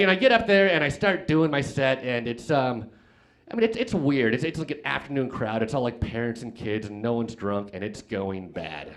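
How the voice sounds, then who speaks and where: A man's voice: mid-range voice, animated, brisk. A young man doing a stand-up comedy set on stage, telling rambling self-deprecating stories full of restarts and filler words. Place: comedy club stage with live audience.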